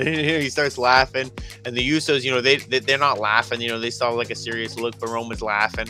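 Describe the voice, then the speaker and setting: A man's voice: medium pitch, flat delivery, fast, sharp tone, faint music behind. A man in casual podcast chat, retelling wrestling scenes and giving his own view. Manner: conversational, retelling scenes with quoted lines. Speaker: wrestling show co-reviewer.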